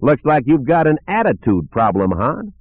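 A man voicing a cocky, smooth-talking male gambler who teases with sarcasm. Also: mid-range voice, sing-song, moderate pace, dry recording, pitched above the performer's own voice. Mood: needling, cocky. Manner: teasing, sarcastic, self-assured. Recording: narrow phone-like sound.

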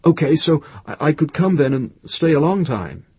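A worn-out, shabby man, as a male narrator puts him on, mumbles in halting bursts. The voice is husky and breathy, pitched a bit above the narrator's own. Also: very animated, warm tone, dry recording, full character voice. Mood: weary.

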